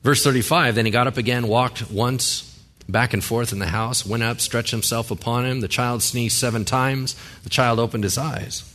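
A man's voice: mid-range voice, fairly even intonation, moderate pace, a bit bright. A male pastor giving a sermon in a conversational way, with joking asides and rhetorical questions.

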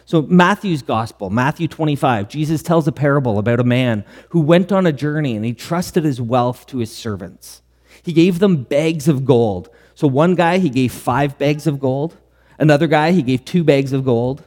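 A man's voice: fairly high pitch, animated, normal speed, a little mellow. Male pastor preaching in a reverberant hall. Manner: earnest preaching with rhetorical questions. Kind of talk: sermon.

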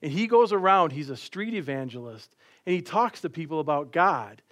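Storytelling male preacher, higher-pitched. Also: expressive, normal speed, fairly bright tone. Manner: storytelling with light laughs and playful quoted voices. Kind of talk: sermon.

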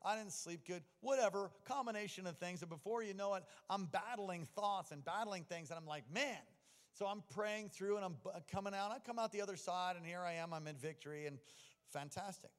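A middle-aged man preaching a sermon, telling personal stories and moving from hushed confession to stirring exhortation. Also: high-pitched, a little fast. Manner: personal storytelling that swings from quiet to exhorting. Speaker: pastor. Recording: long reverb of a large hall.

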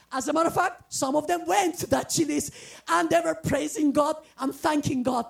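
Excitable woman preacher from the former soviet union, high voice with a gravelly edge, shouts and half-sings her testimony. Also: normal speed, soft background music. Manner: exuberant, often bursting into shouts and sung phrases; earnest, pleading exhortation. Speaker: guest preacher. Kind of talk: testimony sermon.

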